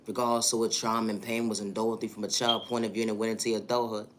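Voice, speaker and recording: A man's voice: lowish voice, little pitch movement, very fast, a little hiss or hum. A man hosting a livestream and speaking a motivational monologue, with affirming lines and repeated catchphrases. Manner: repetitive, affirming, rhythmic catchphrases. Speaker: livestream host.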